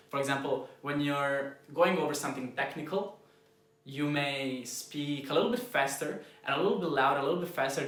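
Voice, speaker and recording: A native Croatian speaker from Croatia, this man has a learned American accent and a mid-range voice heard in a roomy space. Talking casually to camera, he coaches copywriters bluntly, shifting loudness and speed for emphasis and going soft and slow on key points.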